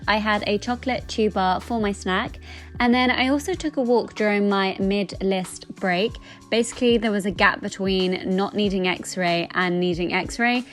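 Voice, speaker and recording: Chatty young woman vlogging her week. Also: medium pitch. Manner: chatty and upbeat, talks straight to viewers. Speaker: vlogger, radiographer. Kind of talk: casual vlog narration.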